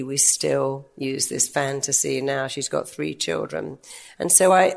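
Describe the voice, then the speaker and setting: An older woman therapist giving a lively talk to an audience, telling stories about her clients. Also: low-pitched, vocal fry. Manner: lively storytelling with quoted clients. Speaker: therapist and speaker.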